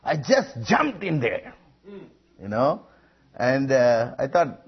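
Husky-voiced man preaching a sermon. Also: a little high, very animated, measured pace. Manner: emphatic, rising voice on quoted lines; frequent hesitations. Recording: muffled lo-fi recording.

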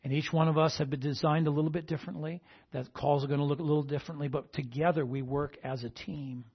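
A man's voice: fairly high pitch, fairly even intonation, fast, husky, highs cut off. A male pastor preaching a sermon and asking the congregation "amen?" between points. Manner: call-and-response, repeating "amen?" to the congregation.

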